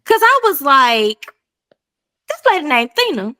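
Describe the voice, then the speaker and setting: A woman chatting casually as a podcast host, blunt and animated, cursing freely. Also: high voice, measured pace. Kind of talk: casual chat.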